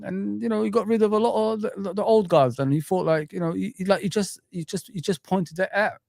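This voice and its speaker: A man's voice: high voice, fairly even intonation, fairly quick, gravelly, a little mellow, dry recording, studio quality. A man hosting a casual football chat, rambling with many restarts and fillers. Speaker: podcast host.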